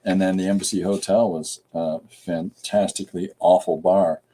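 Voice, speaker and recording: A man's voice: sits low, fairly even intonation, moderate pace, dark tone, slightly rough, poor audio. A middle-aged man from Canada, a comic artist chatting casually on a live stream, rambling with many fillers.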